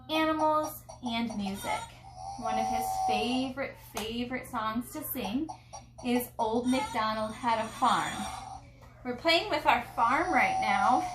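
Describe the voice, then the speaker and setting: A mother hosting a home video, teaching her child farm animal sounds and signs in a slow, sing-song way meant for a small child. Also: fairly high pitch. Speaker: mother and channel host. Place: home room, playing with a toy farm. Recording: echoey room with background noise.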